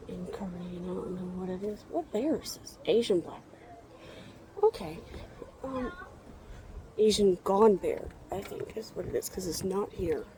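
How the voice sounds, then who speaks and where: A woman's voice: fairly low pitch, measured pace, mellow, slight background noise. A young woman vlogging as she walks outdoors, rambling with wry muttered asides, tired and a little out of breath. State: tired and a bit out of breath from walking. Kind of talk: rambling walk-and-talk vlog. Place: outdoors walking through a zoo.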